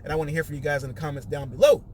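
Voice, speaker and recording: A man's voice: a little high, little pitch movement, rapid-fire, darkish tone, a little hiss or hum. A man hosting a casual podcast, recapping a reality show and acting out quotes in raised voices.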